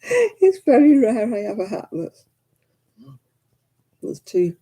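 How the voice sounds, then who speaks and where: Husky slow-talking woman chatting while crocheting. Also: fairly high pitch, big pitch swings, warm tone. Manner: chatty, rambling, talks to herself, counts stitches under her breath. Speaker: crafting livestream host. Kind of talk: casual chat while crocheting. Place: at home indoors.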